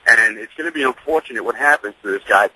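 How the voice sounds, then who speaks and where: A man calling in to a radio talk show, halting and full of fillers. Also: medium pitch, sharp tone, husky, no echo, low-quality recording. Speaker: caller. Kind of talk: phone-in chat.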